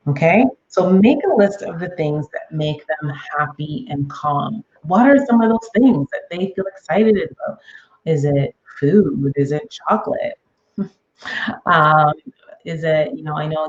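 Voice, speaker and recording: A woman's voice: low-pitched, darkish tone, highs cut off. Chatty woman giving parenting advice. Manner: chatty, frequent "okay?" and "um" check-ins. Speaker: parenting podcast host. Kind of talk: casual advice talk.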